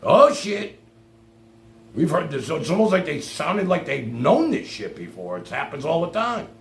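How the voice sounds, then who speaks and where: A man's voice: a little high, sing-song, moderate pace. A man hosting a livestream, delivering an angry, profane rant. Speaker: livestream host. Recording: echoey room.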